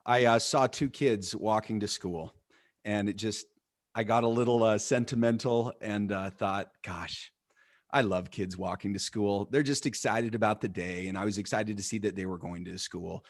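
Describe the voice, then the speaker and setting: A man's voice: medium pitch, normal speed, dry recording, clean studio sound. A man speaking on an education panel, reflective and a bit hesitant. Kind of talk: panel discussion.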